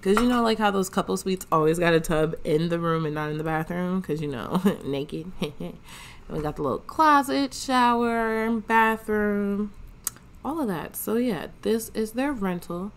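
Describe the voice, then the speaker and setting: This woman hosts a gaming channel and talks through a life-sim game in a loose, slang-filled let's play, narrating her characters' thoughts as she goes. She speaks at a normal speed with an animated, mid-range voice.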